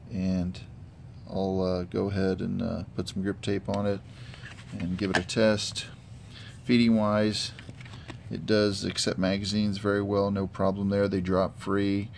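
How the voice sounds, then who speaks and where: Low, gravelly man reviewing gear. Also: darkish tone, a little hiss or hum. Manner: halting, many fillers, matter-of-fact. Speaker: gun hobbyist reviewer. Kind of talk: casual product review vlog. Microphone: handheld camera mic.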